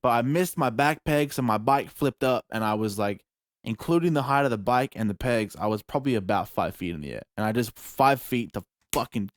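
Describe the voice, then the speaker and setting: A young Australian man, a podcast host, telling a story in casual chat, animated and profane, acting out moments with yelps. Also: medium pitch, a little fast, dry recording, studio quality. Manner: animated, profane, acts out scenes with yelps and shouts.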